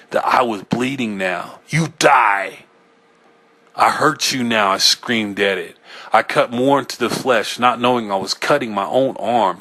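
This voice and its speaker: A man reading a first-person horror story aloud, in a tense, halting way with small self-corrections. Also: fairly low pitch, sharp tone. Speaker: audiobook reader.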